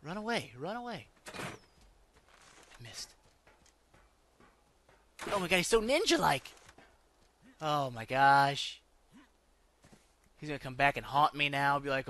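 A man's voice: medium pitch, expressive, measured pace, pauses often, pushed and bright, a little hiss or hum. A man giving casual, jokey let's-play commentary on a survival game, breaking into panicky outbursts. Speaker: gaming YouTuber.

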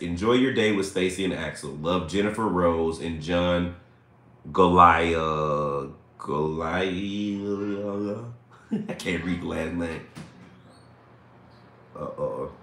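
Very deep-voiced man chatting on a live stream. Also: normal speed, echoey room. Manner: chatty, laughs often, reads messages aloud. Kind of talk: casual live-stream chat.

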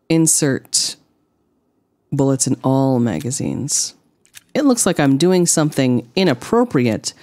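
A woman streamer talks through her game in a low voice that still swings widely in pitch. She rambles along with deadpan jokes aimed at her chat. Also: slow. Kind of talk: casual gameplay commentary.

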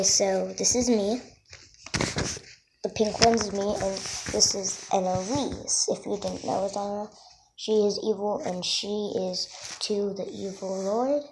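A woman casually showing off her drawings, halting and self-conscious, often apologizing. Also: mid-range voice. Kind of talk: casual show-and-tell. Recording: noisy home recording.

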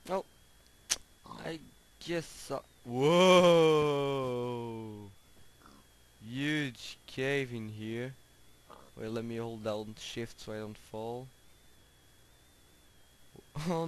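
A man's voice: medium pitch, expressive, takes it slowly, pauses often, a little mellow, poor audio. A man casually commenting on his own gameplay, chatty and easily exasperated, coaxing the animals he meets. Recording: home recording with clear background noise and clicks.

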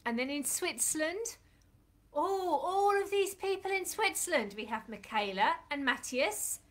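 A woman's voice: sits high, animated, measured pace, poor audio. A woman hosting a Bible club for children, talking in a friendly way and calling out sing-song greetings.

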